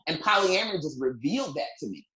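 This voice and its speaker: Woman podcast co-host, very low voice, frank and reflective, playful asides, echoey room. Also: big pitch swings, fast talker, a bit bright, highs cut off. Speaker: podcast co-host, non-monogamy coach. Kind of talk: candid podcast conversation.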